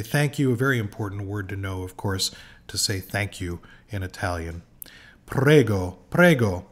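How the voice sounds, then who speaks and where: A man with a slightly low voice leads an informal pronunciation lesson. He talks slowly and patiently, pausing on fillers and saying each word twice so it can be copied. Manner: slow and patient, frequent uh fillers, repeats words for practice. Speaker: language teacher.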